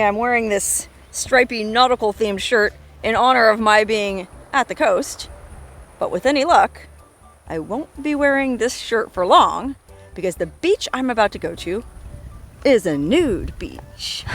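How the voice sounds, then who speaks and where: Woman, travel vlogger, outdoors on a coast trail, joking, self-mocking, mid pitch. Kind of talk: casual travel vlog narration.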